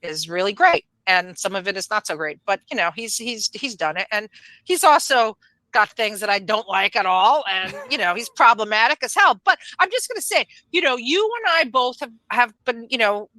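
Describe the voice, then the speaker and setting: A woman's voice: a little high, lively intonation, normal speed, pushed and bright, no echo, poor audio. A woman chatting on a podcast in a rambling way, full of fillers and restarts. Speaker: podcast guest. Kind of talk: casual podcast chat.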